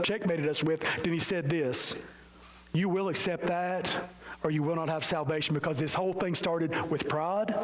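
Brief: male preacher, fairly high voice, fiery evangelical sermon, drops low and solemn then climbs to loud peaks, pokes fun at himself. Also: rough recording. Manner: self-mocking asides.

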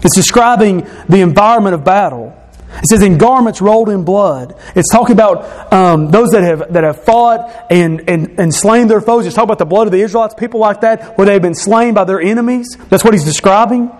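A man preaching a sermon, explaining scripture verse by verse and repeating key phrases, slowing and dropping his voice for emphasis. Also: high voice. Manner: slows and drops his voice for emphasis.

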